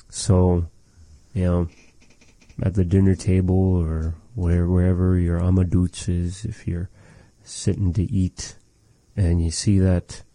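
Low mellow guy teaching a language, slow and patient, repeats stuff, cracks jokes. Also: level tone, dry recording. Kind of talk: casual language lesson.

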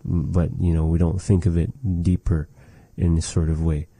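A man giving a relaxed spoken language lesson, measured and thoughtful, with many pauses and fillers. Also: low voice, breathy edge, dry recording. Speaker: language teacher.

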